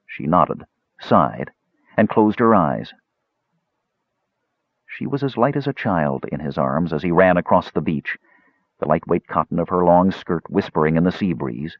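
A man narrating a fantasy story in a dramatic, expressive reading. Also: low voice, measured pace, long pauses, no room sound, highs cut off. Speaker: audiobook narrator.

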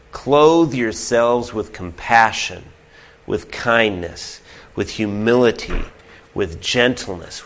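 Earnest, slow-spoken male pastor preaching. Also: mid-range voice. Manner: earnest, moves from loud emphatic points to hushed near-whispers; asks the listeners direct rhetorical questions. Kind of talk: sermon.

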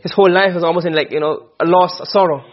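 A man's voice: high voice, steady tone, quick pace, muffled recording. A man teaching a class in a lecture style, firing questions at the students and repeating himself as he explains. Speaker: Arabic rhetoric teacher.

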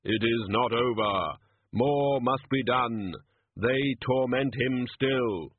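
A man voicing Death, a solemn skeletal figure who speaks in slow, measured pronouncements. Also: mid-range voice, pitched above the performer's own voice. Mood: grave. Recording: narrow phone-like sound.

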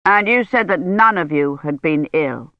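Reader doing a worn-out careful old professor guy, measured, muffled dry sound. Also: mid-range voice, animated, no echo. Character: weary older male Oxford don, careful.

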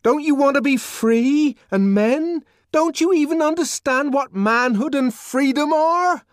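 A man voicing a furious young idealist outsider, shouting in a high, strained voice with raging, declamatory delivery. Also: measured pace, dry recording, studio quality.

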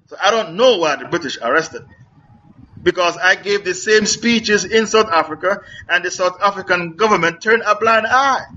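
A man's voice: high voice, pushed and bright, dull audio, a little hiss or hum. A middle-aged man preaching in a question-and-answer lecture, emphatic and repetitive, firing off rhetorical questions.

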